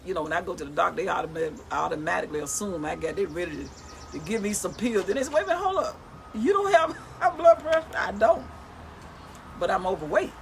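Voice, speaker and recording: A middle-aged woman, reading scripture aloud and commenting on it in a chatty, lively way, laughing often. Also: fairly low pitch, gravelly, a little hiss or hum. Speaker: Bible study vlogger.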